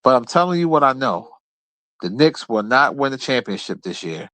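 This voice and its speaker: A man's voice: mid-range voice, very animated, normal speed, sharp tone, no echo. A man hosting his own show, ranting about basketball in a blunt, profane, trash-talking way. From Philadelphia area. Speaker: host. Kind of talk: casual sports rant.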